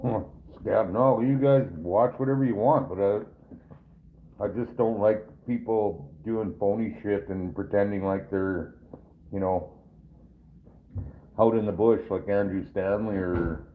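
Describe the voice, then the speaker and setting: Joking rambling guy on a live stream, kinda low voice, thin phone-like sound. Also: steady tone, unhurried, a little hiss or hum. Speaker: trapper hosting a live stream. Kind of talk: casual live stream chat answering viewers.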